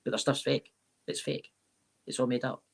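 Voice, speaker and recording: A Scottish man's medium-pitched voice stays level and moderately paced, with a gravelly, husky texture. He's a tarot reader and paranormal podcaster giving a rambling live-stream interview on a live-stream mic, often dropping in "right?".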